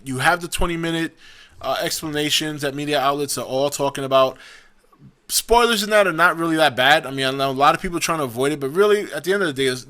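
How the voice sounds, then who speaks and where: A man's voice: fairly high pitch, bright, forceful tone. A young man hosting a casual opinion vlog, talking in a rambling, chatty way with frequent restarts and self-corrections. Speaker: vlog host.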